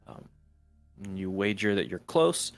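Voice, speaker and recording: A man's voice: fairly low pitch, takes it slowly, creaky, faint music behind. Man running a tabletop game. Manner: relaxed, full of fillers and restarts. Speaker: dungeon master.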